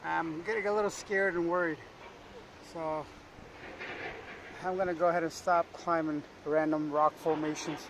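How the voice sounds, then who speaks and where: A man with a fairly high voice talks straight to his handheld camera while climbing around outdoors. He chats casually and pokes fun at himself. Wind and city noise come through clearly on the outdoor mic. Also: little pitch movement, normal speed, long pauses. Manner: chatty, self-mocking, talks to camera. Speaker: travel vlogger. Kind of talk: casual vlog narration. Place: outdoors on rocky hills above a city. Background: traffic, car horns and dogs outdoors.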